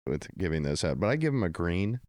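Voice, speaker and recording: Deep-voiced man telling stories on a podcast. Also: very animated, fairly quick, a little mellow, no echo, clean studio sound. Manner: laid-back storytelling with profanity and acted-out quotes. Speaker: podcast co-host. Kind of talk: casual chat.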